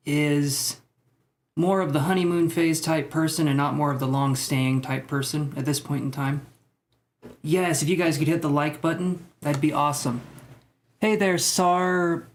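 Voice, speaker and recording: A man reading tarot cards for viewers on a live stream, chatting casually and joking about himself. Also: fairly high pitch. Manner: joking, self-mocking, chatty. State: out of breath. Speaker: tarot reader.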